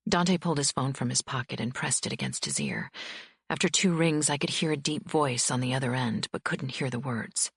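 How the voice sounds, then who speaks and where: A woman's voice: very animated, moderate pace, no room sound, studio quality. A woman narrating a romance audiobook in the first person. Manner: low, husky first-person reading. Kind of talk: scripted narration.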